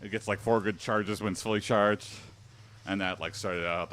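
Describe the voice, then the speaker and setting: A man's voice: lowish voice, steady tone, moderate pace, fairly bright tone, slight background noise. A young man streaming and chatting casually, rambling with many fillers. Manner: rambling, filler-heavy, lots of likes. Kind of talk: casual chat reacting to text-to-speech donations.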